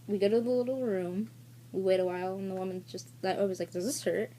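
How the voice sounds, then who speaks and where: Brief: woman vlogger, casual and candid, swears freely, soft dark tone. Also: mid-range voice, fast talker, a little hiss or hum. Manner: rambling and candid, with frequent fillers and swearing. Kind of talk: casual story-time vlog.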